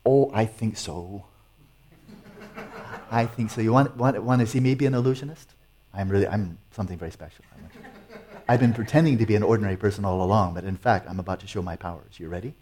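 A man's voice: fairly low pitch, quick pace, warm tone. A man teaching meditation and answering audience questions in a playful, teasing way. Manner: playful, teasing, chuckles often.

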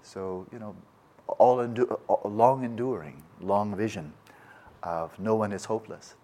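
A man's voice: on the low side, unhurried, dark tone. A man teaching meditation in a reflective talk. He speaks thoughtfully and often restarts his sentences. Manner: acts out quoted voices.

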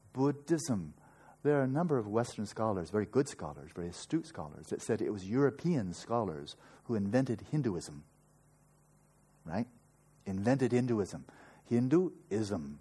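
A meditation teacher lecturing at a retreat, a man with a mellow, warm voice that carries a husky edge. He argues his points emphatically and slips in dry, sarcastic asides. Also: lowish voice. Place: retreat session.

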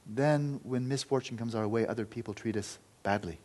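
A man giving a Buddhist dharma talk, telling a story in an earnest, loose way that often falls quiet. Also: mid-range voice, normal speed. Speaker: Buddhist teacher.

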